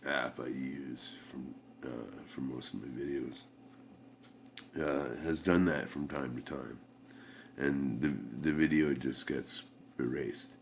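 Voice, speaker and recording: Very deep, gravelly man rambling. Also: a little hiss or hum. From Canada. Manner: rambling, halting, many fillers and restarts. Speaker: vlogger. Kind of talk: casual rambling vlog.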